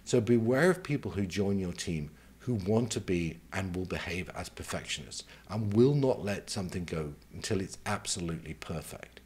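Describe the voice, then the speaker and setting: Deep husky guy doing a chatty career advice talk, steady and methodical. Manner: measured, conversational, lists points one by one. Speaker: career mentor.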